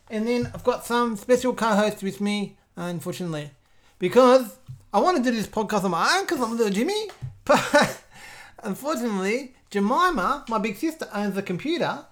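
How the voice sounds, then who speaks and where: A woman voicing a boastful, mischievous eight-year-old boy who hosts a comedy podcast. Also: fairly high pitch. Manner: bratty and boastful, giggly, loud outbursts. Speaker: podcast host. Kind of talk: comedic improvised character podcast.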